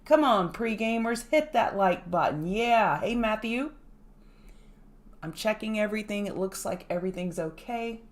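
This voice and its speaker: Upbeat woman on a trading stream, shouting out chat names, explaining markets casually, mid-pitch voice. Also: animated, normal speed. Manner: greets chat viewers by name, upbeat and chatty; explains market moves conversationally. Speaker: trading livestream host.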